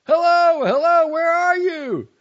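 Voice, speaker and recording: A man's voice: on the low side, very animated, a little fast, vocal fry, slightly rough, heavily acted. A man voicing an old, hard-of-hearing husband who keeps calling out insistently, in a dull lo-fi recording. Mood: calling loudly. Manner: calls out loudly and repeatedly, insistent.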